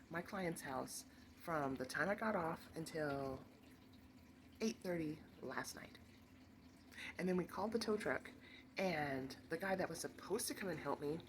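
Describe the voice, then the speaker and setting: A woman vlogger telling a long, rambling story in a casual, chatty way, with quick asides and laughter. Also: sits low, a little hiss or hum.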